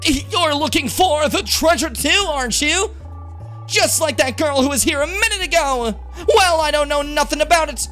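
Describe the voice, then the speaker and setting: A man streamer voicing a suspicious young man from a video game, slow and a bit higher than his own voice. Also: bright, forceful tone, soft background music. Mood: guarded.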